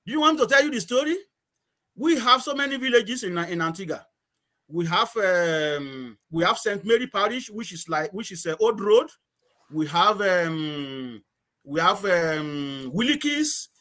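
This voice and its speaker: A man's voice: high-pitched, lively intonation, unhurried, bright, forceful tone. A middle-aged man from Nigeria, a guest chatting casually in an interview, rambling, repeating words and laughing often.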